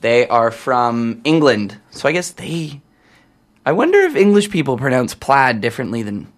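A man's voice: mid-range voice, very animated, moderate pace. A young man from Canada talking casually on air as a campus radio DJ, chatty and wandering off topic, correcting himself often. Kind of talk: rambling casual on-air chat.

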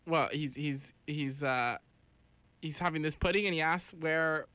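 A woman's voice: low voice, a little slow, a bit bright, no echo. A woman in casual chat, skeptical and hesitant, often restarting her sentences. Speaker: conversation partner.

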